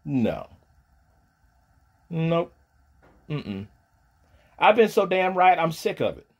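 A man, ranting on a livestream, profane and taunting, dropping from low mutters to loud shouting. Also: sing-song, takes it slowly, vocal fry. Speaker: streamer pastor.

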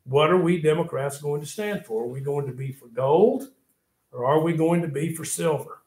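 A man teaching a history class, telling the story with lively asides and reminders to take notes. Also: a little high, normal speed. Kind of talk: classroom lecture. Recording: echoey classroom.

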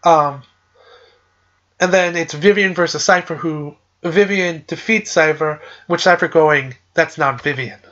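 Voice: medium pitch, fairly even intonation, unhurried, fairly bright tone, dull audio. A podcast host casually recapping a game's story in a loose, rambling way, with lots of "like" and "uh". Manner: loose and chatty, with frequent "like" and "uh".

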